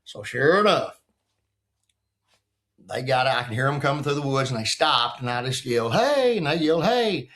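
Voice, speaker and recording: A man's voice: medium pitch, normal speed, pauses often, fairly bright tone. A man in his sixties, a retired football coach, telling a story in a casual chat and acting out what other people said in a folksy way. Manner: folksy, acts out the quotes of others.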